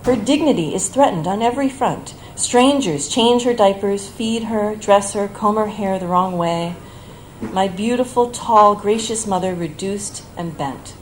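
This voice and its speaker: A woman reading her own personal essay aloud at a bar event, in a measured, reflective, tender way. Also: medium pitch, slight background noise, low-quality recording.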